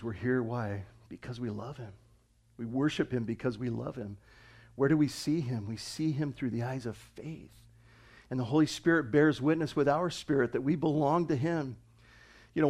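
A middle-aged man preaching a sermon, moving between quiet, reflective passages and loud, emphatic preaching. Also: mid-range voice. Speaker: pastor.

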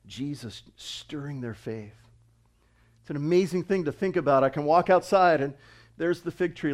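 A middle-aged man preaching a sermon, moving between quiet, reflective passages and loud, emphatic preaching. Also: medium pitch. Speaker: pastor.

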